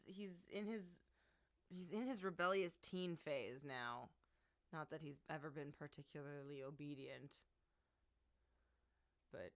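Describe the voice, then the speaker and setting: Woman, streamer, casual live chat, lively pitch, playful scolding, loud bursts and low mutters. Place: home.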